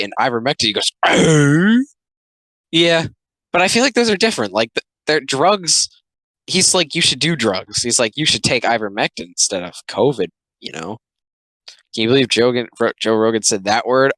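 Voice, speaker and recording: Young male commentator, sarcastic and rambling; bright, forceful tone, dry close sound. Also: fairly low pitch, dry recording, rough recording. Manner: rambling, sarcastic, many filler likes. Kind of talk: casual reaction commentary.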